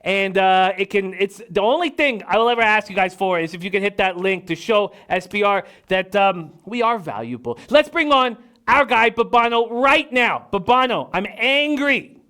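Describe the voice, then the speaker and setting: High, crisp-voiced betting show host. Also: male voice, moderate pace, hardly any pauses. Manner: animated, mock-angry, rattles off chat names. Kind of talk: live-stream betting chat.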